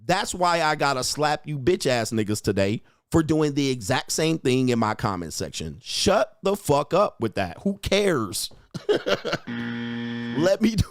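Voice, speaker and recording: A man's voice: mid-range voice, big pitch swings, measured pace, no room sound, clean studio sound. A young man hosting a livestream, ranting at his chat in a profane, mocking, confrontational way and laughing often. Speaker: streamer host. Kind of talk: livestream rant reading chat.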